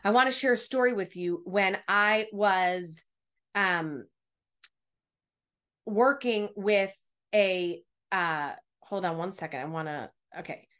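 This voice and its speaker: A woman speaking coach teaching an online workshop over a video call, energetic and encouraging, speaking straight to her listeners. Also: mid-range voice, slow.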